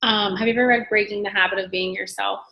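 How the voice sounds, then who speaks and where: A woman's voice: mid-range voice, fairly even intonation, fast talker, creaky, lo-fi sound. A woman guest telling a story casually and chattily, full of fillers. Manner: chatty, many fillers like "like" and "whatever". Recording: echoey room.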